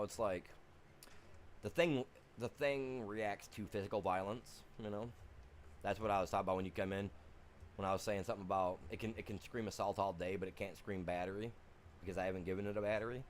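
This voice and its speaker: A man's voice: lowish voice, a little hiss or hum. A man streaming a game, chatting casually in a rambling, chuckling way as he tells stories. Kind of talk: casual chat during a livestream.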